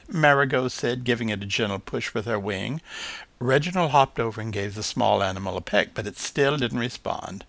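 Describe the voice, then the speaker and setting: Guy reading a kids story, bright gravelly voice, dry close mic. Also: mid-range voice, no echo. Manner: expressive, measured reading.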